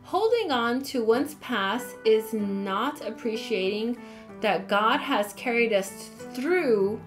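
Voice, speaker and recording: A woman giving a casual Bible study, reading scripture aloud and adding chatty, apologetic asides. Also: on the high side. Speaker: Bible teacher.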